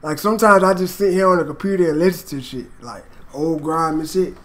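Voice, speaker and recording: A man's voice: on the high side, fairly quick. Hyped man reacting to music. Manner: excitable, hyped, swears a lot. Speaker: reaction video host. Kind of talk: casual reaction commentary.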